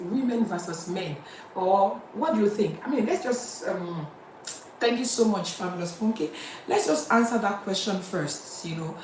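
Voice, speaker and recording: A woman with a Nigerian accent hosts a live-streamed talk show, chatting freely and reading viewer comments aloud. She moves between English and Yoruba. Her voice sits at a middle pitch and is heard from some distance in a roomy space, with faint ambience behind it. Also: slight background noise.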